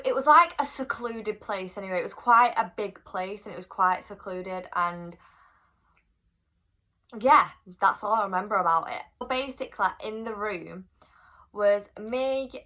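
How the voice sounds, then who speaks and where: Bright-voiced young woman, chatty. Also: medium pitch. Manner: chatty, animated retelling with quoted voices. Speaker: vlogger. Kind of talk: casual storytime.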